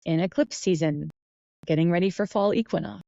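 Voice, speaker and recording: A woman hosting a podcast, musing softly and meandering through a reflective guided talk, with fillers and self-corrections. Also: lowish voice, brisk, creaky, no room sound, muffled recording. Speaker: podcast host.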